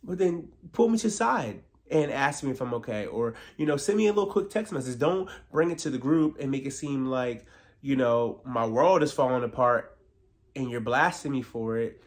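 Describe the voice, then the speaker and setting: A man's voice: medium pitch, normal speed. Opinionated man recapping reality TV. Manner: opinionated, filler-heavy with frequent "like". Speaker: TV recap vlogger.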